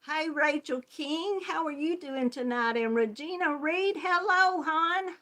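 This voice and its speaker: Speaking at a measured pace in a voice that sits high, a middle-aged Southern US woman runs a crochet channel. She greets her viewers in friendly, casual chat, often laughing and calling them hon.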